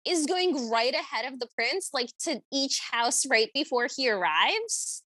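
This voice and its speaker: A woman with a high, bright voice retells a film for a podcast, her pitch leaping around as she acts out little quotes. The sound is dry and close, with no room around it. She talks in an easy, chatty way. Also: a little slow, dry recording. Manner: animated storytelling with acted-out quotes. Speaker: podcast co-host. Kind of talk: casual recap chat.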